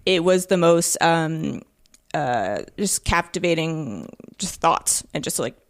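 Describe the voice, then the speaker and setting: A woman's voice: deep voice, lively intonation, slow. A woman co-hosting a casual game podcast, enthusiastic and acting out characters' lines as she retells scenes. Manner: enthusiastic, acts out quotes. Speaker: podcast co-host. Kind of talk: casual chat about a video game.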